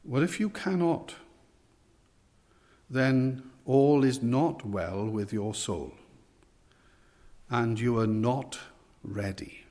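A male preacher delivers an evening sermon at a slow, deliberate pace. He presses his listeners with direct, earnest questions. His voice rings out with a long hall reverb. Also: mid-range voice, a little mellow.

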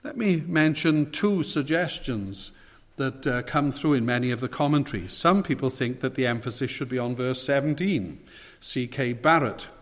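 Male preacher, measured and emphatic, mid pitch, long hall reverb. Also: expressive. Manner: measured, emphatic delivery with frequent pauses and fillers. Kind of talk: sermon.

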